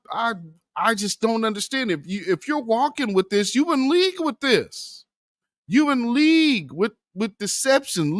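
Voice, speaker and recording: A man's voice: very high voice, fairly bright tone, no echo, clean studio sound. A man hosting a political commentary vlog, impassioned and preachy, calling his viewers family and brother. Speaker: commentary channel host.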